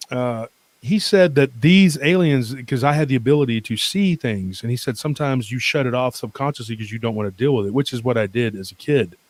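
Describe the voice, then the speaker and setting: A medium-pitched man, heard without echo, is a podcast guest telling a lengthy personal story. He rambles animatedly, with frequent fillers and false starts.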